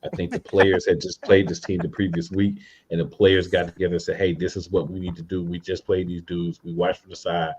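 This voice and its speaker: A man with a very low voice talks football on a casual podcast, blunt and fired up as he vents about the coaching. The sound is a bit dull and lo-fi, like a home mic. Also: level tone, brisk, a little mellow. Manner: blunt, fired-up fan venting with laughs. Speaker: podcast co-host. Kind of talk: casual sports podcast chat.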